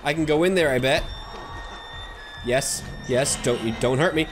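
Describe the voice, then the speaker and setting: A man's voice: a little high, normal speed, pauses often, soft background music. A man giving sarcastic, joking commentary while playing a horror game, talking back to the characters and yelping and swearing when startled. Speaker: gaming video host. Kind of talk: let's play commentary.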